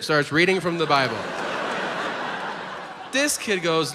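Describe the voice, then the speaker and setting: Animated male stand-up comedian. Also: normal speed. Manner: animated storytelling, acts out characters with sudden high-pitched outbursts. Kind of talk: stand-up routine. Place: large comedy venue with audience. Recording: live stage recording in a reverberant hall with ambient noise.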